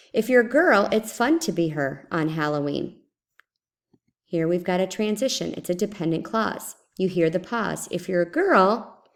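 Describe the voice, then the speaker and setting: Brief: female teacher, slightly low voice, methodical screencast lesson, reads examples aloud. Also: darkish tone. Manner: explains step by step, repeating example sentences aloud.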